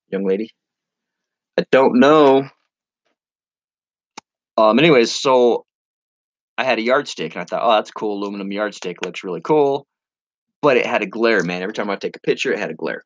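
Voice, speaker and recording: A man hosting a casual live stream, rambling and joking as he reads viewer comments, with sudden playful jumps into a high voice. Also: lively intonation, brisk, long pauses, dry recording, highs cut off. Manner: silly, playful with sudden high-pitched bursts.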